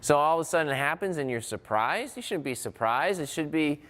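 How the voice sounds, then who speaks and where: A man's voice: fairly high pitch, lively intonation, a little fast, few pauses, a bit bright, long reverb tail. A man giving a conversational motivational talk on mental training, often restarting phrases and working through examples. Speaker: motivational speaker.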